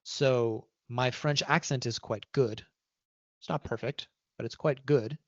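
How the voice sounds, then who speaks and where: A man's voice: medium pitch, fairly even intonation, a little slow, dry recording, muffled recording. A man giving an interview, talking casually with restarts and "right?" tags. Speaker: guest.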